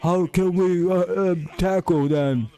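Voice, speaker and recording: A man doing a high, whining crybaby athlete, slow and drawn out for mockery. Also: mellow, smooth. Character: whiny self-pitying male football defender.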